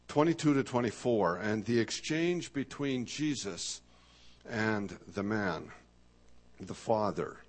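A man preaching a sermon in a thoughtful, searching way, slowing down to stress key words and asking rhetorical questions. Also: medium pitch. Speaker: pastor.

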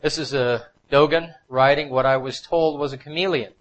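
A man's voice: mid-range voice, fairly even intonation, moderate pace, dull audio. Emphatic man giving a slide lecture. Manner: emphatic, repeats points over and over. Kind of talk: slide lecture to a live audience.

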